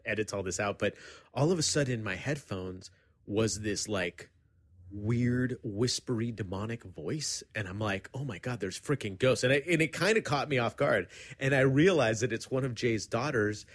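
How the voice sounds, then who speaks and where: Guy cohosting a podcast, chatty, laughs a lot, ordinary middle pitch. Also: lively intonation, normal speed. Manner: chatty, laughs often, acts out quoted voices. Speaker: podcast co-host. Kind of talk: casual podcast chat. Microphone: headphones and studio mic.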